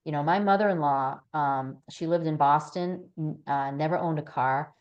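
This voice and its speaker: A woman's voice: low voice, normal speed, highs cut off. A woman guest in a podcast interview, speaking earnestly and sharing anecdotes. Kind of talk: casual interview chat.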